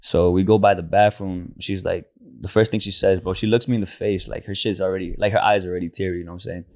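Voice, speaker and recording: A man's voice: low voice, steady tone, fast talker, a little mellow, no room sound, studio quality. A man telling a personal story in casual slang, saying "bro" nearly every line, speaking into a handheld mic. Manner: slangy, says "bro" constantly. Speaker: podcast co-host.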